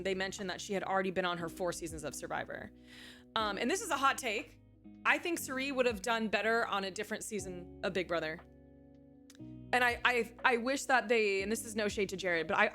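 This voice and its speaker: A woman talks casually on a live stream, keeping a middle pitch for her sex. She chats freely and breaks off to answer viewers in the chat. Faint music plays behind her. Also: pushed and bright. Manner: chatty, reacting to viewers' chat messages. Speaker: livestreamer and former reality show contestant.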